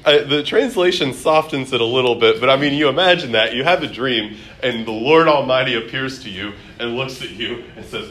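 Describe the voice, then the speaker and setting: A man's voice: medium pitch, moderate pace, a crowd in the background. Chatty, amused male Bible study teacher. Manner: chatty, amused, many fillers.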